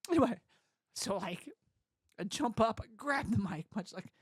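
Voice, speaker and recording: A young adult man speaking as an interview guest, animated and quick to laugh. He acts out what others said to him as he goes. The sound is dry and close. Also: high-pitched, slightly rough, no room sound. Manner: animated, laughs often, quotes others in voices. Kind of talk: casual storytelling.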